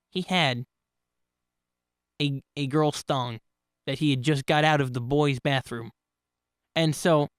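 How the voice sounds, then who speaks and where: A man's voice: on the high side, clear, resonant tone, dry recording, clean studio sound. A man telling personal stories in a casual, rambling way, often restarting and correcting himself. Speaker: channel host telling stories. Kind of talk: casual spoken storytelling.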